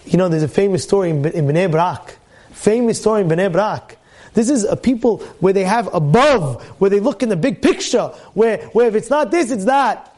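A man giving a weekly Torah talk as a rabbi, animated, firing rhetorical questions and repeating his phrases. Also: high voice, normal speed.

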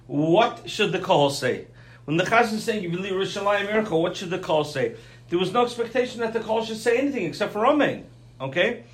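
A man's voice: sits high, reverberant. A man teaching a conversational Torah class, often checking in with "okay?" and "right?".

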